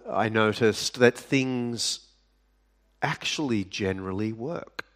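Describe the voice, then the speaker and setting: A man with a lowish voice preaches a sermon at an unhurried, measured pace. He leans into dramatic pauses and lets his voice fall quiet for effect. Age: adult. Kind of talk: sermon to a live audience.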